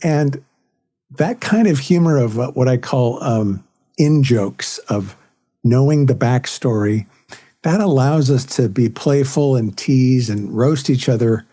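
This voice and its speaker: Dark husky male comedian storyteller. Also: medium pitch, measured pace. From California, USA. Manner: anecdotal, tells jokes with quoted voices. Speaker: comedian and author guest. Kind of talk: podcast interview storytelling.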